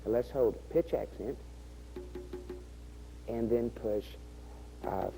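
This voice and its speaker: A man's voice: medium pitch, expressive, measured pace, vocal fry, long pauses, poor audio. A man hosting an instructional video, patiently walking the viewer step by step through programming rhythms on an organ. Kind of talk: instructional demonstration. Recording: faint organ music behind the voice. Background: organ rhythm sounds.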